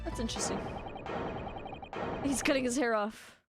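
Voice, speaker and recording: Giggly young woman streamer over loud music. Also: on the high side, moderate pace. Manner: giggly, gushing. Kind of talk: casual live-stream commentary while playing. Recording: music playing loudly under the voice. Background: game music.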